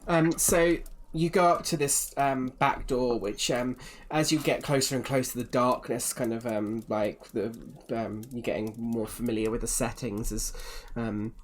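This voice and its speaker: A man's voice: mid-range voice, fairly even intonation, measured pace, hardly any pauses, slight background noise. Man running a tabletop game. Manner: rambling, many fillers. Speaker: game master.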